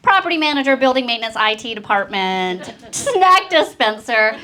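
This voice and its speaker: A woman's voice: on the high side, normal speed. A woman in her thirties doing a stand-up comedy set on stage, telling stories and acting out the quotes. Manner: animated storytelling with acted-out quotes. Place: comedy stage before a live audience. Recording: laughing crowd in the room. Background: audience laughter.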